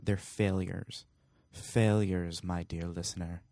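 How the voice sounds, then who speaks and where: Guy in his 30s doing a podcast outro, lowish voice, rambly and self-mocking, dry close mic. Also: steady tone, slow pace, vocal fry, darkish tone, no echo. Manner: jokey, self-deprecating, rambling asides. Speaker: podcast host. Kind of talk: casual podcast monologue.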